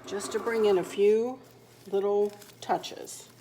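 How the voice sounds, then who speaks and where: A woman's voice: mid-range voice, fairly even intonation, takes it slowly, dark tone, slight background noise. Woman, casual home-decor vlogger, friendly chatter, light laughs, middle voice. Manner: chatty and homey, laughing easily. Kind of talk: casual crafting tutorial chat. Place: home kitchen.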